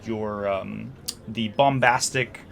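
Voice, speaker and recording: A man narrating a tabletop game as game master, with frequent pauses and fillers. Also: fairly low pitch, fairly even intonation, creaky, a bit bright, a little hiss or hum. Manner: hesitant, filler-heavy narration.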